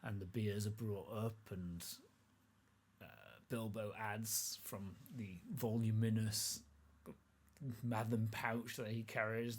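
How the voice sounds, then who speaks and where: A man running a tabletop game as game master, narrating scenes in a relaxed, rambling way with lots of fillers. His voice sits a little low, with a faint hum of noise behind it.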